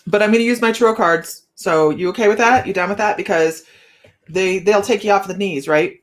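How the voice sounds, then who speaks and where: A woman's voice: medium pitch, fairly quick. A woman hosting a live tarot stream, chatting casually with viewers, greeting them by name and laughing often.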